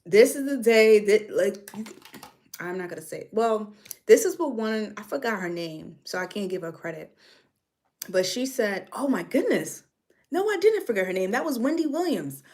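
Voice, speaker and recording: Casual, chatty woman with a New York accent, lively pitch, livestream host. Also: moderate pace. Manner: chatty, animated, drifts between topics. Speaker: livestream host reading comments. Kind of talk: casual chat.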